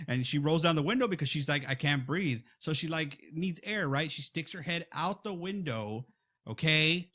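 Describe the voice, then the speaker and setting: Man retelling a film scene, slightly high. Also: moderate pace. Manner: animated storytelling, acts out quotes. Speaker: podcast co-host. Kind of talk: casual chat.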